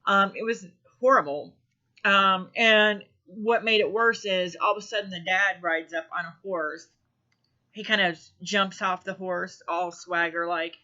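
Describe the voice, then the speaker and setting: A woman telling a personal story in a halting way, with many ums and restarts. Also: mid-range voice, pushed and bright. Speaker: spiritual vlogger. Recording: dull lo-fi recording.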